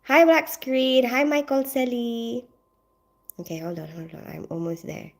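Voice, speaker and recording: A nurse from the Philippines chats casually on a livestream, greeting viewers and rambling with plenty of "you know" and "like." Her voice is fairly high and unhurried.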